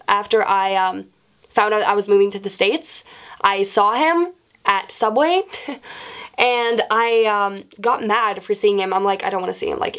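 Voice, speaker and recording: A young woman vlogger telling a storytime tale, swearing freely and acting out quotes dramatically. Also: medium pitch. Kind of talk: storytime vlog.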